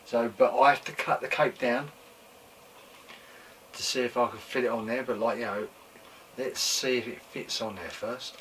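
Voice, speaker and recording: A man hosting his own toy collecting show, chatting casually and excitedly, repeating exclamations, swearing freely and losing his voice a bit. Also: mid-range voice, moderate pace, long pauses, distant mic. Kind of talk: casual show-and-tell chat. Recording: mic set back from speaker, faint room noise.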